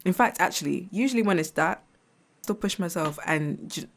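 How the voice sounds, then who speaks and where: A woman in her twenties with a notably low voice, hosting a casual, reflective solo podcast. She talks in a frank, chatty way, swears freely and laughs often. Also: moderate pace, vocal fry. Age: 20s. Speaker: podcast host.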